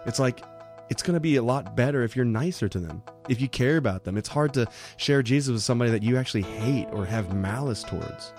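A man co-hosting a Christian podcast talks earnestly about an interview, laughing easily in casual commentary. His medium-pitched voice is expressive and darkish, the pace is quick, and faint music plays in the background.

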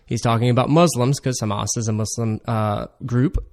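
Slow, stressing man co-hosting a podcast. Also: mid-range voice, fairly even intonation, gravelly, a little mellow. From Florida Panhandle. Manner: explains, slows down to stress numbers. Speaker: podcast co-host. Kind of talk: casual chat.

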